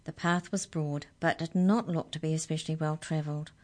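A woman narrating a children's story aloud in an expressive, gently dramatic way. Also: low-pitched, brisk.

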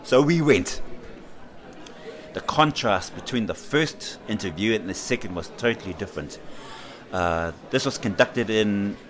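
A middle-aged man with a New Zealand accent, a guest recounting his own story in an unhurried way, with frequent hesitations and lively quoted voices. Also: fairly low pitch. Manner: unhurried, animated when quoting others, with many hesitations. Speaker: interview guest. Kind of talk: reflective personal storytelling.

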